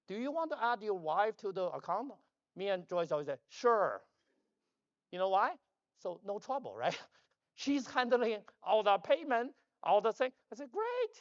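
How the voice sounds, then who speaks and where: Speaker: man, loud and rambling at the podium, joking, dull and dry sound. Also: high voice, no echo. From China. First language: Chinese. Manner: loud, emphatic, joking asides. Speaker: conference speaker. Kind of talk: rambling conference talk. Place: conference hall stage.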